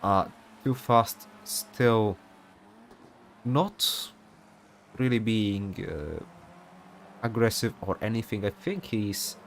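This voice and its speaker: A man's voice: on the low side, slow pace, long pauses, slight background noise. A young man commentating an online sim race in a casual, rambling way, with many fillers and off-topic asides.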